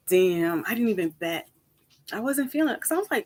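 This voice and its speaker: A woman tarot reader chatting casually with her viewers, rambling from topic to topic, laughing easily and jumping up high for emphasis. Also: expressive, normal speed, background noise. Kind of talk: casual chat with viewers before a reading.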